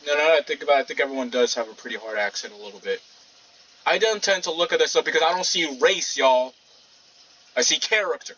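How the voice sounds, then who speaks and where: A man's voice: fairly high pitch, fast talker, fairly bright tone, far from the mic. A man casually commentating a video game playthrough, rambling and talking back to the game. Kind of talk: casual let's-play commentary. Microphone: poor microphone, fan in background. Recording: dull lo-fi mic, faint fan hum.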